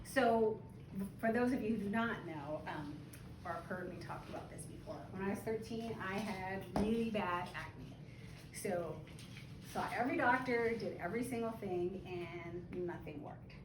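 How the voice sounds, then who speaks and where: A woman's voice: mid-range voice, moderate pace, noisy background. A woman who owns a beauty spa, telling a story in an informal talk to a small gathering at her open house, chatty and laughing now and then. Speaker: spa owner and esthetician. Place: room at an open house party. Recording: echoey room from far off, background chatter.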